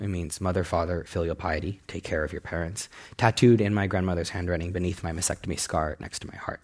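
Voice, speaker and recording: A young man telling a personal story in a talk, animated and laughing as he goes. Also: fast talker, few pauses. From United States. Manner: animated, laughing storyteller who jumps up in pitch. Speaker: speaker giving a talk.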